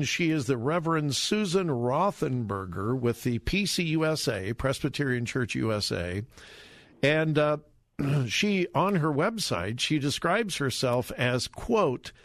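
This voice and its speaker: A man's voice: no room sound, clean studio sound. A middle-aged man hosting a talk radio show, giving emphatic, repetitive commentary. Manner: emphatic, repetitive, lively pitch swings.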